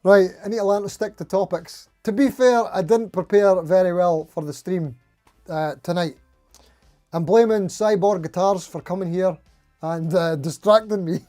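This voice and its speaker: A man's voice: high voice, moderate pace, dark tone, faint music behind. A man hosting a casual live stream, rambling and laughing at himself as he reads out supporter names.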